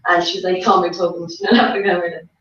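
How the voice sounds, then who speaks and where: A young woman telling a story to friends, animated, quoting others and laughing. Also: fairly low pitch, fast talker, slight background noise. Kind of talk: casual storytelling among friends. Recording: echoey, distant, dull lo-fi.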